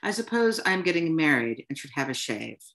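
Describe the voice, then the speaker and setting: A woman reading as a calm European man. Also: deep voice, brisk, exaggerated voice. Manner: calm, mild and matter-of-fact. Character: calm, philosophical European man, barefoot groom-to-be.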